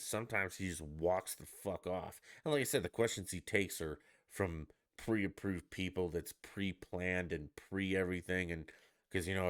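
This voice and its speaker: A man hosting his own stream, ranting with profanity and sarcasm in casual solo commentary. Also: deep voice. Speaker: podcast host.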